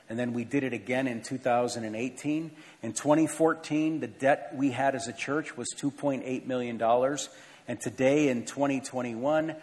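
A middle-aged man, a pastor, giving church announcements from the pulpit in an earnest, conversational way with self-deprecating asides. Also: mid-range voice. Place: large church sanctuary with a balcony. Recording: long hall reverb in a church.

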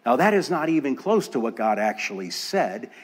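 A male pastor preaching a sermon in a church, measured and emphatic, building his points through repeated phrases. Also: medium pitch, sing-song.

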